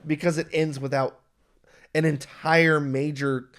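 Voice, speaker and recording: A young man co-hosting a casual film review chat, excitable and acting out imagined lines of dialogue. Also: on the high side, unhurried. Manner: excitable, acts out imagined dialogue, many restarts. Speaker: podcast co-host.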